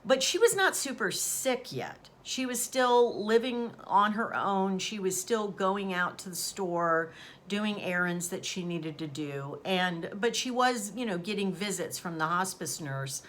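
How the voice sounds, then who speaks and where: A woman's voice: lowish voice, animated, a little slow, a bit bright, slight background noise. A woman host chatting casually as she retells a story, acting out quoted dialogue along the way. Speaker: channel host.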